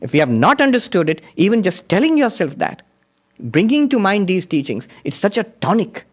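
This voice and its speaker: A man delivers a spiritual lecture in an earnest, storytelling manner, his voice sitting a little high for a man. He moves between teaching, anecdotes and slow chanted Sanskrit verses. Plain, unhurried lecture delivery. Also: big pitch swings.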